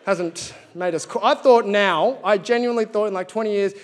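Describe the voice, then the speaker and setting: A man's voice: sits high, moderate pace. An Australian man performing live stand-up comedy on a theatre stage, chatty and storytelling with punchy asides.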